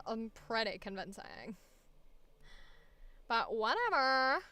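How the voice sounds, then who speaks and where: A woman's voice: a little high, very animated, takes it slowly, long pauses, sharp tone, a little hiss or hum. A young woman voice actor chatting to herself casually while working, muttering at her computer and swearing now and then.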